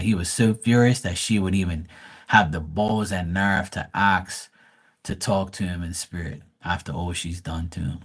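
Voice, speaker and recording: A man with a lowish voice talks casually on a live stream as a medium and tarot reader. He is blunt and profane, and he rambles with frequent restarts.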